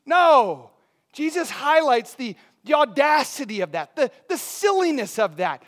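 Male pastor, high-pitched, easygoing conversational sermon delivery. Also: big pitch swings, moderate pace. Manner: conversational preaching with rhetorical questions.

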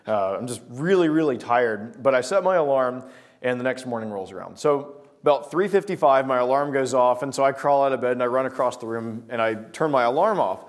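A man telling a personal story with lively acted-out scenes, then drawing a devotional lesson from it. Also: medium pitch, brisk. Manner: lively storyteller, acting out scenes, often restarting words. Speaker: speaker telling a story to make a life lesson. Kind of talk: anecdote-driven devotional talk.

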